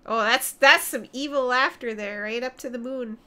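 A woman's voice: on the high side, normal speed, sharp tone, smooth. A woman, chatting and joking as she streams a video game. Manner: joking, chatty, reacting aloud. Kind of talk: casual gaming commentary.

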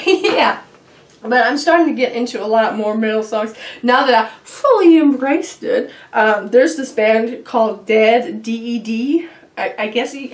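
A young woman with a bright, high voice chats loosely to her camera, full of fillers and little giggles. She rambles from one thought to the next. The sound is roomy, with a clear echo of the walls around her. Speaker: vlogger. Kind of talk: casual chat. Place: home room.

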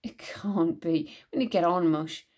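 A woman voicing a steady male leader of a forest camp who speaks briskly and cautiously. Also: fairly low pitch, vocal fry.

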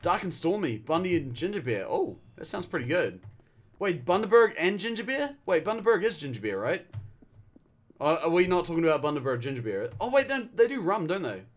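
Excitable New Zealand man streaming a game. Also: fairly high pitch, a little fast. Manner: excitable, chatty, swears, yells at the game. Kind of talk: casual live-stream gameplay chat.

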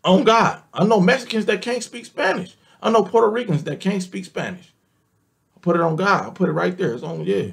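Emphatic high, gravelly man ranting. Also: a little fast. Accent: African American Vernacular English. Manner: emphatic, swears often, repeats oaths, voice leaps up when worked up. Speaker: vlogger ranting to camera. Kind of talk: heated monologue rant.

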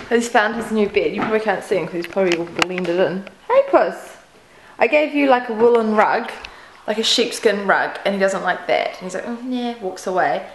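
A woman chatting casually in a family vlog, playful, cooing at her pets. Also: medium pitch. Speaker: vlogger. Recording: home camera with clear background noise.

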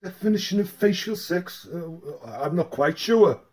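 A man's voice: high-pitched, lively intonation, unhurried, darkish tone. A man hosting a parody news report in a mock-serious, bantering tone. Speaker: comedy news anchor.

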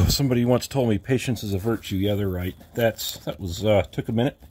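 A man with a husky, slightly rough voice talks through a repair step by step. He sounds plainspoken and matter-of-fact, dropping in fillers and dry little asides as he works. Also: lowish voice, brisk, darkish tone. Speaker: DIY car repair vlogger. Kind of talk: casual step-by-step repair instructions. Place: home driveway, working under a car.

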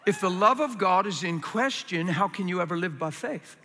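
A man preaching a sermon to a crowd in a large hall, passionate, acting out complaining voices in a higher tone. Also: animated, normal speed, few pauses, bright, forceful tone.

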